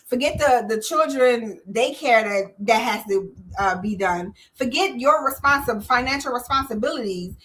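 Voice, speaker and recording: A bright, forceful woman hosts a live call-in stream and speaks straight to her audience. She talks with energy and emphasis, and her voice sits a bit high for a woman. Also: expressive, moderate pace, hardly any pauses. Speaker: host of a call-in show on government contracting.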